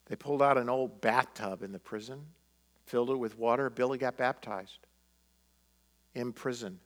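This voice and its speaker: A pastor preaching a sermon, telling a story and acting out the quotes with feeling. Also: male voice, medium pitch, normal speed, fairly bright tone.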